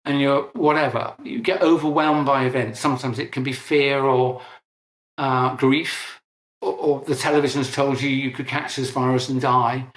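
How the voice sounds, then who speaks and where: A man's voice: mid-range voice, reverberant. An older man, a guest in an interview, explaining technical points in detail and correcting himself often. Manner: detailed, technical, with frequent restarts and self-corrections.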